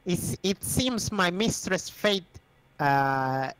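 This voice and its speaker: A man's voice: high-pitched, lively intonation, slow, fairly bright tone, clear, resonant tone, no room sound, voice pushed up, exaggerated voice, low-quality recording. A man voicing a formal, courteous female shapeshifting assassin in a tabletop game, speaking urgently. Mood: urgent courtesy.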